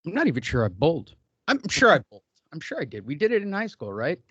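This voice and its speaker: A middle-aged man hosts a loose, joking podcast with a fairly high voice, telling rambling stories and teasing his co-hosts. The sound is dry and close but a little dull and muffled. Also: wildly swooping pitch, quick pace, fairly bright tone, breathy edge, no echo. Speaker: podcast host. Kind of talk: casual banter podcast.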